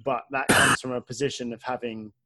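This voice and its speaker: A man's voice: mid-range voice, flat delivery, fairly quick, background noise. A man in his early thirties talks thoughtfully in a casual podcast chat, hedging often and filling his speech with "like". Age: 30s. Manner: thoughtful, hedging, uses many "like"s.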